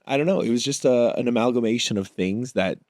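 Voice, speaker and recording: A man's voice: mid-range voice, brisk, darkish tone, no room sound, clean studio sound. A man talking as an actor guest in a casual interview, thinking his answers through aloud. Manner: thoughtful, works through ideas aloud.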